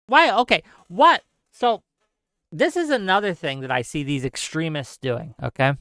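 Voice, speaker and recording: A man hosting a political livestream, his voice smooth and crisp on a close mic. He speaks with passion, says points twice over and keeps asking his audience "right?" The sound is dry, with hardly any room around it. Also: fairly high pitch, moderate pace, sharp tone, no room sound. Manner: impassioned, repeats himself for emphasis; checks in with listeners with "right?". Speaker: livestream host.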